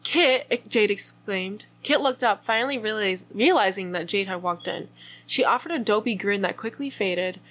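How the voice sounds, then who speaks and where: A woman's voice: mid-range voice, normal speed, fairly bright tone. A woman co-hosting a casual podcast, reading fanfiction aloud and breaking off now and then to joke and laugh. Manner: reads narration aloud, breaks off to joke and giggle.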